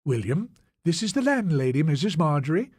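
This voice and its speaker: A man's voice: fairly high pitch, very animated, a little fast, darkish tone, breathy edge, dry recording, studio quality. A man doing a young Scottish mother. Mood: hurried.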